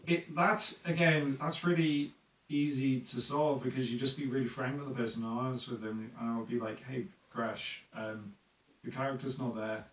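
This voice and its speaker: A man's voice: medium pitch, steady tone, moderate pace, roomy sound, recorded from a distance, poor audio. A man chatting casually on a podcast about running tabletop games, rambling with lots of fillers and acting out players' lines. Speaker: dungeon master guest.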